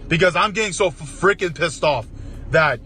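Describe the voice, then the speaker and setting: Heated man, profane rant, bright tense voice. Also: on the high side, normal speed, soft background music. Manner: heated, repetitive, profane, rising to shouting. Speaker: collab rant contributor. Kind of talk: angry rant.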